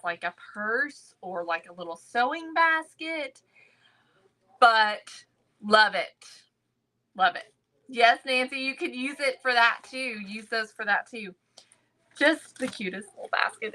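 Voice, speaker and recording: A woman's voice: a little high, sharp tone, low-quality recording. A woman hosting a live crafting stream, chatting casually about thrift finds and greeting viewers by name. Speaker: crafting livestream host. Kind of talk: casual thrift haul chat.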